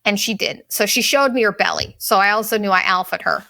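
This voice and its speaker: A woman in her thirties hosting a podcast, telling a story in a blunt, profane, fast-moving monologue. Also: medium pitch, gravelly, sharp tone. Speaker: podcast host. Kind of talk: casual venting monologue.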